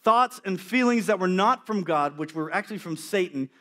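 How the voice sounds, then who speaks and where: A man with a high voice delivers a youth sermon. He is animated and slips in and out of playing the characters in his story. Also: moderate pace.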